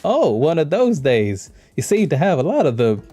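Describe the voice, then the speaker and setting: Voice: medium pitch, big pitch swings, moderate pace, warm tone, faint music behind. A streamer doing a drawling Southern belle lawyer. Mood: flirty. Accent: Southern US, put on. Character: sweet-talking female lawyer, a Southern belle. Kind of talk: reading game dialogue aloud.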